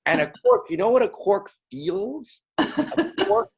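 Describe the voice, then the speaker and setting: Man, husky voice, fairly high pitch, playful, calls out to audience, live talk. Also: lively intonation, a little slow. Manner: playful, repetitive, calling out to the crowd. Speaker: speaker. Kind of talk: lively interactive talk with audience.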